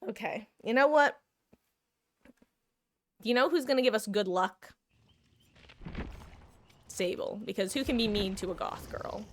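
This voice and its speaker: A woman's voice: fairly high pitch, a little slow, pauses often, slight background noise. A young woman streaming a game live, chatting casually and giggling, sometimes cooing to her cat. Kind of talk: casual live-stream chat while gaming.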